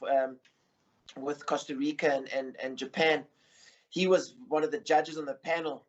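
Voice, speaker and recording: A middle-aged man talks casually as an interview guest, with a voice a little higher than most men's. He rambles, full of ums and restarts. The sound is muffled and lo-fi. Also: level tone, normal speed. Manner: rambling with many fillers and restarts. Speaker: interview guest, surf head coach. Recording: muffled lo-fi recording.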